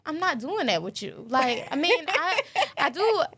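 A woman's voice: sits high, big pitch swings, measured pace, fairly bright tone. A woman co-hosting a casual chat, emphatic and opinionated.

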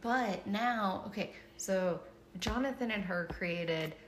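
A woman's voice: mid-range voice, slow, a bit bright, a little hiss or hum. A woman co-hosting a casual podcast, chatting and laughing as she tells stories about her daughter, with lots of filler words. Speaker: podcast co-host, mother. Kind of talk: casual chat, storytelling.

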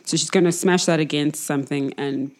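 A woman's voice: low-pitched, steady tone, a little fast. A woman player in a tabletop role-playing game, describing her move with hesitant restarts. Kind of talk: casual tabletop play.

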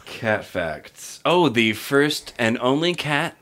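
A man's voice: mid-range voice, sing-song, slow pace, fairly bright tone. A man co-hosting a podcast in casual comedic chat, trading puns and playful bits. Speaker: podcast co-host.

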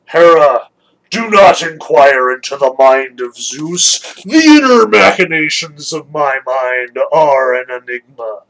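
Man putting on a deep, grandiose, self-important god-king, blustering and pompous. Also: animated, slow, a bit bright, heavily acted, poor audio.

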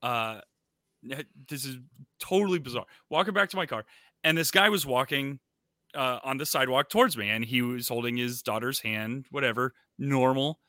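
A man co-hosting a casual chat, telling stories with animated energy and frequent laughter. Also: mid-range voice, moderate pace, dry recording, clean studio sound. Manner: animated storyteller, laughs often. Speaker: podcast co-host.

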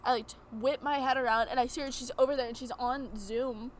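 A woman's voice: fairly high pitch, steady tone, fast talker, over a noisy crowd. A woman guest on a podcast, telling a story in casual chat and acting out the lines of the people in it.

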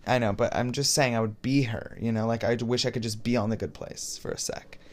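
A man's voice: mid-range voice, a little fast. A man from Israel co-hosting a podcast, chatting casually with lots of "like" and "you know". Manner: relaxed, chatty, many fillers like "like" and "you know". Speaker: podcast co-host.

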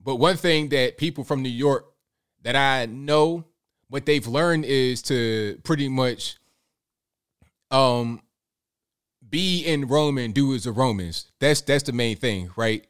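A man hosts a loose, casual commentary stream at an ordinary, middle-of-the-road pitch. He rambles from point to point, wanders off on tangents and speaks straight to his viewers. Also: slow pace, clean tone. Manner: rambling, digressive, addresses viewers directly. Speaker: livestream host.

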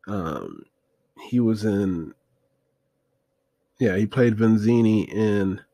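A man's voice: lowish voice, very slow, warm tone, no room sound. Rambling man reviewing a movie, dry sound. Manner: rambling, hesitant, many fillers, looking things up as he talks. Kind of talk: casual movie review monologue.

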